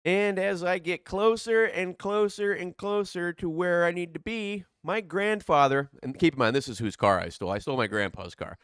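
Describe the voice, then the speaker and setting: A man in his thirties telling a casual personal story, animated and profane, swinging between loud bursts and hushed asides. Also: high voice, normal speed, few pauses, clean tone, no echo, clean studio sound.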